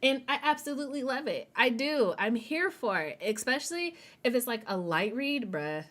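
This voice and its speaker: A woman's voice: a little high, lively intonation, normal speed, a bit bright. A woman hosting a writing sprint livestream, wired on caffeine, chatty and hyper, laughing often and talking to her viewers as y'all. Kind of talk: casual livestream chat.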